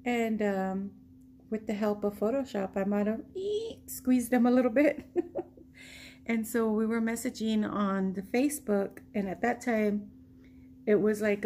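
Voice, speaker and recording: A woman from the United States telling a personal story in a slow, rambling vlog, laughing often, her nose stuffy from allergies. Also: medium pitch, mellow, slight background noise. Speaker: vlogger. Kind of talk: casual storytelling.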